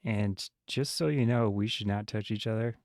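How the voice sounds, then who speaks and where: A man's voice: on the low side, normal speed, darkish tone, no echo, clean studio sound. A man playing in a tabletop game, talking in character in a hesitant way with many fillers. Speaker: player. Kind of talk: casual tabletop game chat.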